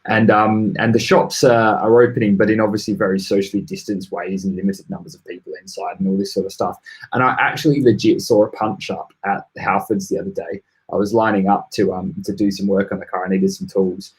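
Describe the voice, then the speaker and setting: A man's voice: lowish voice, steady tone, fairly quick, low-quality recording. A man with an English accent co-hosting a casual podcast over a call, a chatty storyteller who laughs often. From England. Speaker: podcast co-host.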